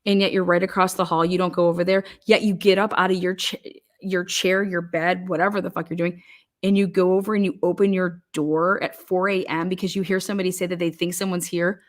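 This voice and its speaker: A woman's voice: lowish voice, little pitch movement, a little fast. A woman giving true crime commentary in a blunt, sarcastic and profane way, firing off pointed questions.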